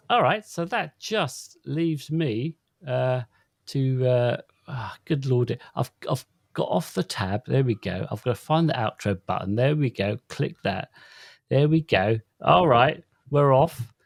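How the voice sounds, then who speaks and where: A man co-hosting a casual podcast, talking in a halting way with frequent restarts and wry jokes. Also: medium pitch, lively intonation, vocal fry, no room sound, studio quality. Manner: halting, stumbles and restarts words; jokey, wry asides. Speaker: podcast co-host.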